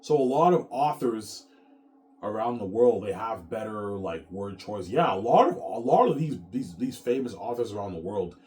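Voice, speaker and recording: A man's voice: lowish voice, expressive, moderate pace, darkish tone. A man in his thirties, an author talking casually to his viewers in a rambling, profane rant, repeating words and tacking "man" onto his sentences. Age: 30s. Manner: repeats words and restarts often. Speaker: author vlogger.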